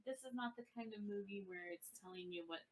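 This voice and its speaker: A woman's voice: medium pitch, fast talker, low-quality recording. A woman in her forties co-hosting a podcast, casually talking through a film review and thinking aloud. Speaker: podcast co-host. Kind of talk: casual movie review chat.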